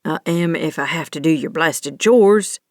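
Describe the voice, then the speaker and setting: A woman narrator gives voice to a bitter, short-fused young cowboy in an audiobook romance. He speaks slowly, curt and resentful. The sound is dry and close. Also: low voice, a little mellow, no echo, pitched below the performer's own voice.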